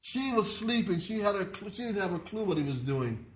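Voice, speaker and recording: A man preaching a sermon in an earnest, halting way, often repeating his words. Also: high-pitched, big pitch swings. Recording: echoey room.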